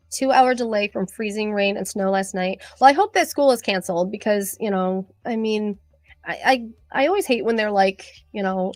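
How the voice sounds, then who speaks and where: A middle-aged woman, a cosmetologist chatting with viewers on a live stream, excitable and rambling with many fillers. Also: on the high side, dry recording. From Michigan. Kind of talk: casual live-stream chat.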